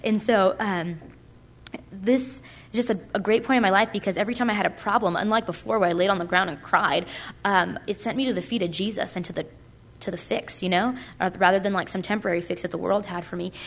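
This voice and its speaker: A woman's voice: mid-range voice, steady tone, quick pace. A young woman giving a casual, chatty personal testimony at a conference, full of likes and ums. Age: young adult. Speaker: speaker at a purity conference.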